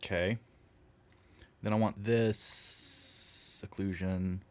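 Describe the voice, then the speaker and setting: A man's voice: fairly low pitch, steady tone, drawn-out words, darkish tone. A man streaming his game-modding work, chatting casually and joking with viewers while he edits textures. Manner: rambling, joking, talks to chat while editing. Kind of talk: casual live-stream chat while working.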